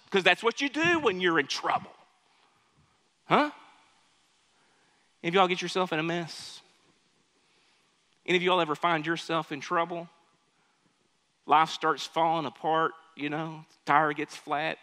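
A man preaching a sermon with a high, bright, ringing voice. He swings from loud, pleading cries to quiet asides to the congregation. His voice echoes through a hall with a long reverb.

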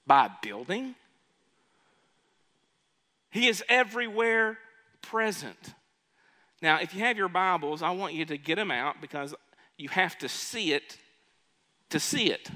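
A male pastor preaching a sermon, often asking the congregation questions and shifting his loudness. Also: high-pitched, expressive, slow pace, long pauses. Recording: long reverb of a large hall.

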